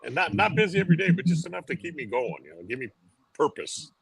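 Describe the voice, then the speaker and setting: A man's voice: fairly high pitch, big pitch swings, quick pace, gravelly, a bit bright, breathy edge, no echo, poor audio. An older man, a retired detective, chatting as a guest in a casual interview, easygoing and dryly funny, wandering a little as he recalls things.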